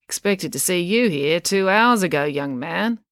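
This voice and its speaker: A woman's voice: on the low side, expressive, a little slow, no echo, clean studio sound. A woman voicing a grumpy, bossy old woman on crutches who snaps and scolds. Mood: scolding. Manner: snappish, scolding.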